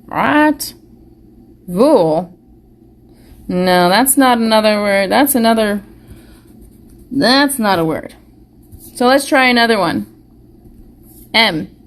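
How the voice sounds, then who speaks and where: A woman teaching a live online phonics lesson to young children, slowly sounding out words and praising them warmly. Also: a little high. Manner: slow, encouraging, sounds words out carefully. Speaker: preschool teacher. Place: school or home classroom, live stream.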